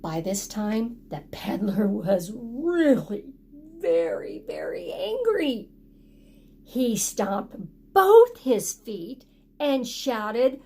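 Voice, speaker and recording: Slow, high-voiced woman reading to children. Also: very animated, vocal fry, darkish tone, slightly rough. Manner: interactive, prompting children to act along. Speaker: storytime reader for children. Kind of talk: read-aloud picture book narration.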